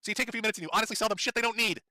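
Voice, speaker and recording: A man with a high, sharp, cutting voice, ranting fast and furiously on a live stream. His delivery is profane and sarcastic, swinging wildly up and down in pitch, and his throat sounds strained from yelling. The sound is dry and close. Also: fairly even intonation, no echo.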